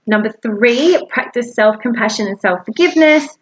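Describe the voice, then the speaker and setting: A woman's voice: a little high, moderate pace, dull audio. A woman giving casual, encouraging self-help advice to camera in a chatty way. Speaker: wellness coach.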